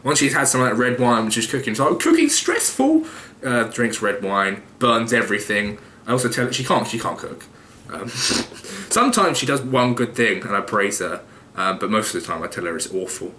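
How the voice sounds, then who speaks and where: A man's voice: lowish voice, normal speed, sharp tone, roomy sound, a little hiss or hum. A young man casually answering viewer questions in a loose, jokey, rambling way with occasional swearing. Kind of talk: casual vlog Q&A.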